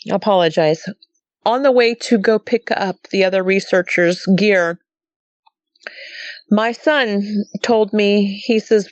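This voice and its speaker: A woman from Montana, appearing as a guest, tells a chatty story about a sighting, quoting everyone with lines like "he goes" and "I said." Her voice is mid-range, and the remote audio sounds dry and dull with no echo.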